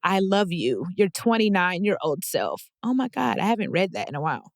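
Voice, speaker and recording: A heartfelt woman in her twenties reads personal letters aloud on her podcast. Her voice sits a little low and is recorded close with no room sound. She sounds emotional and on the edge of tears, speaking with affirmation. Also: sing-song, brisk, dry recording. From Texas. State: tearful. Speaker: podcast host.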